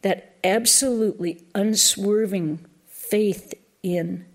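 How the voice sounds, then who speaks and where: A woman's voice: medium pitch, slow pace. A woman giving a reflective spiritual talk as a lecturer, thoughtful and searching for words as she goes.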